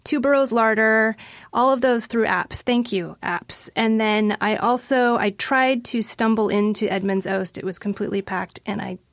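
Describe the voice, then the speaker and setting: A woman's voice: on the high side, moderate pace, no room sound, clean studio sound. A woman hosting a casual podcast roundtable, upbeat and enthusiastic, often laughing. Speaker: podcast host.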